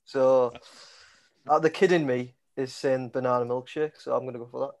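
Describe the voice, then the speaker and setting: A man's voice: medium pitch, steady tone, normal speed, darkish tone. A man in a casual podcast chat, joking in a playful way.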